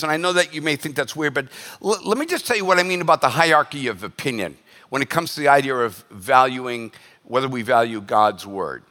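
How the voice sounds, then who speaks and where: A man preaching a sermon as pastor, animated and joking, slipping into quick voiced asides. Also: a little high. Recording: long hall reverb.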